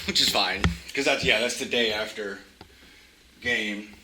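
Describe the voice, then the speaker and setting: A man talking casually and joking as he walks through a city and park, speaking into a handheld camera. He swears freely, and his voice is loud and booming. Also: a little slow. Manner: chatty, joking, swears often. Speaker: vlogger. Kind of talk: casual walking vlog chat. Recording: street noise and passing traffic. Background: traffic and trams.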